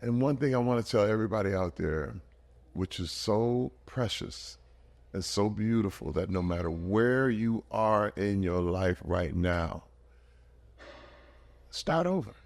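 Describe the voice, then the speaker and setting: A man in his fifties from Michigan, a podcast guest telling his life story in an earnest, animated way with big swings in energy. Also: fairly low pitch, measured pace, creaky. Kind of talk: emotional personal storytelling.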